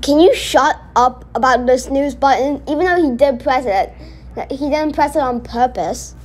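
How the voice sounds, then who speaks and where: A woman's voice: sits high, moderate pace, a little mellow, faint music behind. A woman giving casual reaction commentary, indignant and rambling as she talks back at a cartoon she is watching. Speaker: reaction video host.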